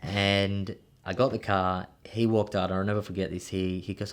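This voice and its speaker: A man telling a story in an interview, animated and acting out the dialogue he remembers. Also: on the low side, normal speed, background noise. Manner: animated, acts out quoted dialogue. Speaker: guest, real estate coach.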